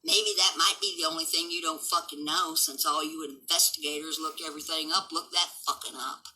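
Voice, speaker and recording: A woman's voice: low-pitched, fairly even intonation, a little fast, bright, forceful tone, a little hiss or hum, low-quality recording. A woman in her seventies, hosting her livestream from home with a blunt, combative, swearing rant. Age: 70s. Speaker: livestream host.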